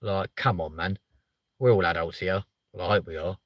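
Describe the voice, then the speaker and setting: A young man hosting a livestream, chatting in a rambling, sweary way that jumps up in pitch when he gets riled. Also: normal speed, no echo. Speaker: livestream host. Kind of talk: casual livestream chat.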